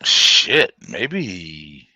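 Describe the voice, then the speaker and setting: A man with a bright, lively voice chats loosely and unhurriedly, laughing often and swearing. He rambles on a livestream. The sound is dry and close. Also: deep voice, extremely slow, breathy edge, no room sound. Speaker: livestream host. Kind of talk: casual chat.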